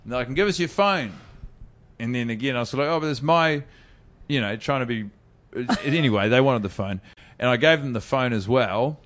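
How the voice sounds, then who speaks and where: A man's voice: mid-range voice, fairly quick, fairly bright tone. A young adult man with a New Zealand accent, a podcast guest telling a story in rambling, self-deprecating casual chat. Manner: rambling, self-deprecating, restarts mid-sentence.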